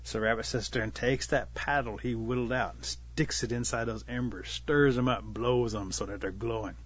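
A man telling a traditional animal tale in an unhurried, folksy way, giving the animals light voices of their own. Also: medium pitch, fairly even intonation, slightly rough, lo-fi sound. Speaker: storyteller. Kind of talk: oral storytelling of a traditional tale.

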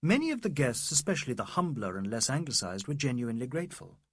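A man narrating a literary novel in a measured, scripted reading. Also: mid-range voice, very animated, slightly rough, no room sound, studio quality. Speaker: audiobook narrator.

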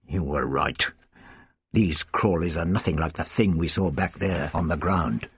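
A man's voice: medium pitch, normal speed, breathy edge, dry recording, studio quality, natural voice. A man voicing a bitter, stubborn young man held captive, talking sullenly.

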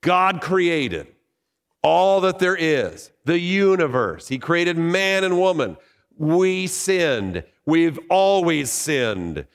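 A man's voice: fairly high pitch, sing-song, takes it slowly, big-room sound. A male pastor giving a sermon in a conversational way, asking his listeners questions. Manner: conversational preaching with rhetorical questions.

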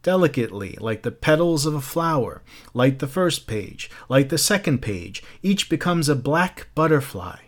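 A man voicing a smooth, menacing fire captain who talks slowly and relishes each word. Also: on the high side, sing-song.

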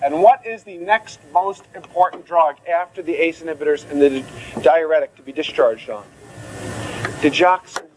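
A man giving a medical lecture to a class in an animated, theatrical way, acting out confused students. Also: on the high side, moderate pace, a little hiss or hum, low-quality recording.

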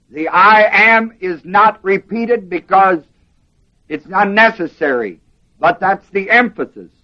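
High-pitched preacher, slow and emphatic. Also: male voice, lo-fi sound. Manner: emphatic, asks the class questions. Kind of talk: sermon teaching.

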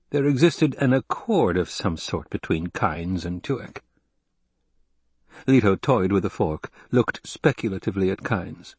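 A man narrating a novel in a measured, even storytelling voice. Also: lowish voice, breathy edge, no echo. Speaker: audiobook narrator. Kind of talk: scripted narration.

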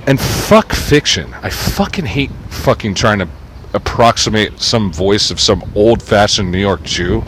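Low-voiced man ranting with steady swearing. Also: a little slow, slight background noise, rough recording. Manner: rambling, swears constantly, sarcastic. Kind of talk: casual profane rant while reading a book aloud.

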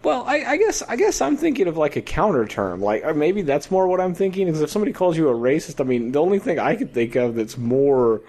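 A man's voice: fairly high pitch, brisk, few pauses. A man co-hosting a podcast in easy, casual banter. His voice swoops up and down as he spins wild hypothetical scenes. He keeps laughing through his own stories. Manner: laughs often, builds absurd scenarios with lively storytelling. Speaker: podcast co-host. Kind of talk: casual comedic chat.

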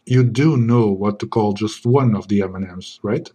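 A man playing a smug secret agent in a comedy sketch, keeping a low, smooth, deadpan voice. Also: normal speed. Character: suave smug male secret agent parody.

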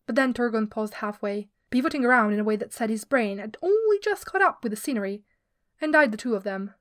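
A woman reading a story aloud as a podfic reader, in steady, even storytelling narration. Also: a little high, no echo, clean studio sound.

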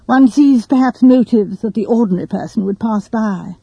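A woman's voice: on the high side, normal speed, mellow, breathy edge, dry recording, lo-fi sound. A woman voicing a self-conscious young male writer who talks earnestly and a little pompously.

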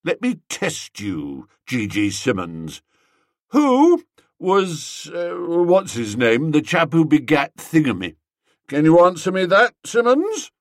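A man voicing a pompous young gentleman who hands out school prizes in a cold, blustering, accusing manner. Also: fairly high pitch, wildly swooping pitch, slow, no room sound, studio quality, voice pushed up, exaggerated voice. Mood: cold hectoring.

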